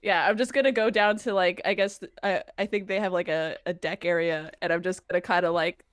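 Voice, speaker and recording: A woman's voice: lowish voice, fairly even intonation, a little fast, dry recording, clean studio sound. A woman playing in a tabletop game, hesitant and stammering, with frequent giggles. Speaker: player. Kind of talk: casual tabletop play.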